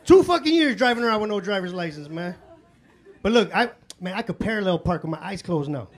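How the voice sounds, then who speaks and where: On a comedy club stage, a stand-up comedian with a high, animated voice tells loose, profane stories in street slang at a fairly quick pace. He acts out his own voice and other people's, and the live recording picks up room noise.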